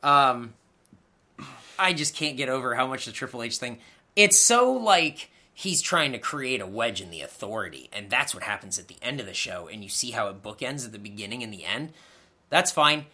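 A man's voice: mid-range voice, animated, moderate pace, bright, forceful tone. A man co-hosting a podcast, recapping wrestling in casual chat with sarcastic, exasperated remarks and plenty of swearing. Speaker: podcast co-host.

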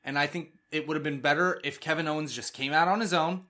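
A man's voice: fairly high pitch, fairly even intonation, fast, sharp tone. A man co-hosting a podcast, chiming in with agreeable opinions in casual chat. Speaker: podcast co-host.

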